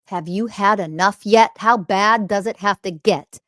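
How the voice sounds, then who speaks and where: A woman hosting a podcast, delivering a confrontational, profane ranting monologue that swings from loud emphasis to quiet muttering. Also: medium pitch, a little slow, no echo, clean studio sound. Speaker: podcast host.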